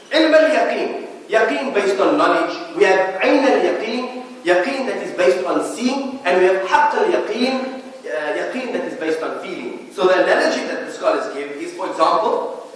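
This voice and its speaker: A man's voice: high voice, a bit bright. A man with a South African accent giving a Friday sermon in a mosque, explaining patiently with light humour. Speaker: imam giving Friday lecture. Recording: echoey mosque hall, distant mic.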